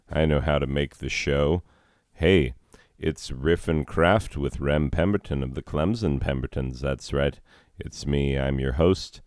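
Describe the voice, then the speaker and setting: A man hosts a casual vlog out in a forest, his voice extremely deep and smooth. He talks slowly, drifting into sarcastic, jokey asides. The sound is dry and close. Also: a little mellow, no room sound. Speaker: host. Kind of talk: casual rambling vlog commentary. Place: outdoors in a forest.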